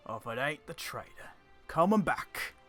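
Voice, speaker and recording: A man voicing a proud, gruff older half-orc chieftain who talks curtly and dismissively. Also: fairly high pitch, lively intonation, normal speed, fairly bright tone, faint music behind. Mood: sneering. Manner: curt, dismissive.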